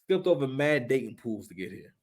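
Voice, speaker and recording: A man giving casual, animated commentary on a reality show, full of slang, repeated words and acted-out quotes. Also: mid-range voice, fairly quick.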